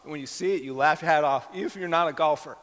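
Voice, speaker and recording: A man's voice: a little high, rapid-fire, a bit bright. Middle-aged male pastor in a reverberant hall. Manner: storytelling, acts out quoted dialogue. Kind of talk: sermon with personal story. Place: church hall.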